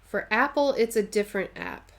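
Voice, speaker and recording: A woman's voice: mid-range voice, huge pitch swings, normal speed, fairly bright tone. A woman chatting casually on a live stream while she stitches, answering viewers' comments and playfully dramatizing her stories.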